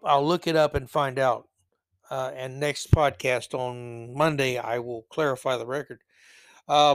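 A man's voice: on the high side, no echo. A man hosting a solo commentary podcast, talking in a rambling way with sarcastic, mocking asides. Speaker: podcast host.

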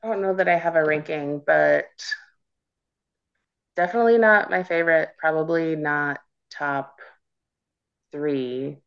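Deep-voiced female panelist, candid and excitable, on a dull low-fi line. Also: unhurried, pauses often, smooth. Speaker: podcast panelist. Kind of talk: casual chat. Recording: dull lo-fi recording.

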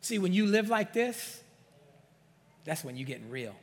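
Raspy high-voiced preacher in a reverberant hall. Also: male voice, sing-song, measured pace. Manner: emphatic, calls for amens and acts out doubters' excuses. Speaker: pastor. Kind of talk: preaching a sermon. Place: church sanctuary.

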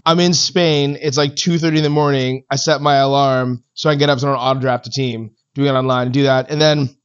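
A man's voice: medium pitch, fairly quick, clean tone, dull audio. A man from Canada, co-hosting a casual podcast chat during a fantasy draft, telling stories with acted-out quotes. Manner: animated storyteller, acts out quotes. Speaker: podcast co-host.

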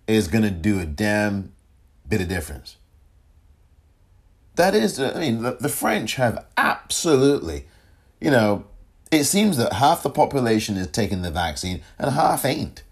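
A man's voice: on the low side, sing-song, unhurried, pauses often, breathy edge. A man hosting a solo podcast, talking casually and rambling, often chuckling and correcting himself. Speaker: podcast host.

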